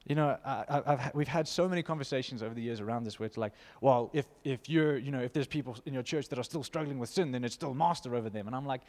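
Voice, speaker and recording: A man preaching an informal sermon, reading scripture aloud and commenting with animated emphasis. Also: medium pitch, fast, hardly any pauses, long reverb tail. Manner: animated, emphatic, laughs between points.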